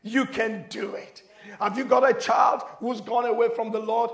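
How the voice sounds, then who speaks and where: A man preaching a sermon, moving from quiet asides to sudden shouted prayers and dramatic voicing of scripture. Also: extremely high pitch, little pitch movement, normal speed, hardly any pauses, echoey room. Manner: switches between loud exclamations and quiet, intimate asides. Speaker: pastor.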